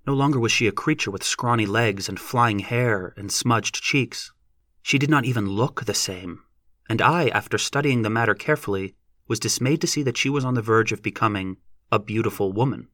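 A man narrating a novel as an audiobook in a measured, even reading. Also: fairly low pitch, no room sound, studio quality.

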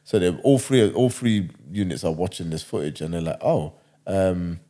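A man's voice: low voice, expressive, fairly quick, dark tone. A man casually retelling a wild story, rambling and slangy.

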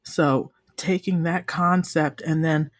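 A young woman co-hosting a casual podcast chat, emphatic and profane, often swinging into high, excited exclamations. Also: slow, no echo, clean studio sound. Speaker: podcast co-host.

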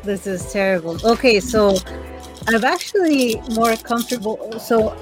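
A woman's voice: a little high, measured pace, over music, low-quality recording. A woman player chatting on a podcast, rambling and self-deprecating, with many "like"s. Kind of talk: casual chat.

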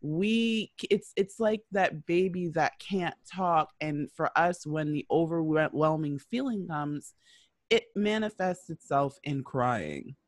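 A woman hosting an interview, chatty and animated, acting out quotes as she talks. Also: deep voice, slow pace, dry recording, studio quality. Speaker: host. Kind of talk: casual interview talk.

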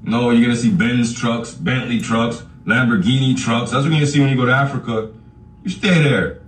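Speaking fairly quickly in a mid-range voice, this man rants at his podcast audience, swearing casually and laughing a lot. The room echoes, and he's some distance from the microphone.

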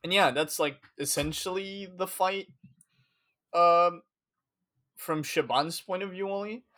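A man's voice: high voice, slow, bright, forceful tone. A man casually recapping a story in a podcast chat, rambling with lots of fillers.

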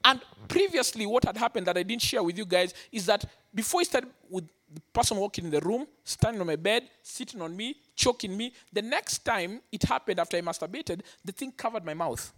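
A man's voice: sits high, fairly quick. Man preaching a testimony. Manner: animated storytelling, acting out quotes. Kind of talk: sermon testimony.

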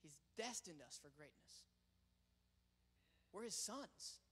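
A young man preaching a sermon as pastor, swinging between loud proclaiming and quiet storytelling. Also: high-pitched, lively intonation, takes it slowly, vocal fry, slightly rough. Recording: long reverb of a large hall.

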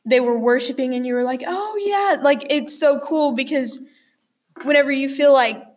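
A woman's voice: high-pitched, steady tone, moderate pace. A young woman hosting a casual chat, chatty and giggly, with lots of fillers. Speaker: host.

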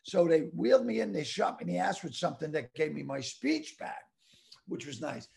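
A man in his sixties telling a story loudly and crudely, with lots of animated outbursts. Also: on the high side, a little fast, vocal fry. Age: 60s. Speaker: guest comedian. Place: home.

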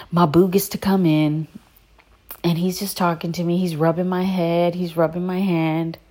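A woman's voice: on the low side, a little mellow. A young woman chatting candidly and profanely to her viewers, sore from surgery and holding back laughter. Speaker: vlogger recounting her birth. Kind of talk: casual storytelling to viewers.

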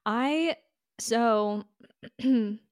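A woman guest on a podcast speaks slowly in a slightly raised voice. The sound is dry and close, with no room around it. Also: a little high, smooth, no echo. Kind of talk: casual chat.

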